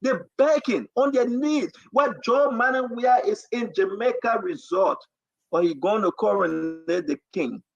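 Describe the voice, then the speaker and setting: Man, Liberian accent, talk show host, fiery, repetitive, high-pitched, dry close sound. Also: measured pace, gravelly, dry recording, lo-fi sound. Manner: fiery, repetitive, preacher-like emphasis. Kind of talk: impassioned political commentary.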